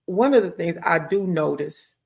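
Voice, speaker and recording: A woman's voice: on the low side, animated, normal speed, vocal fry, darkish tone, slightly rough. A woman hosting a talk show, chatting casually and reading out viewer comments. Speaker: host.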